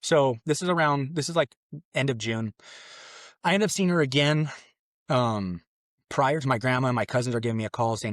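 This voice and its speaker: Young guy on a podcast rambling thru his story, normal pitch, dry close sound. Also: brisk, no room sound. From Mexican family. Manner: casual, rambling with fillers and acted-out quotes. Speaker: podcast guest. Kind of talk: personal storytelling.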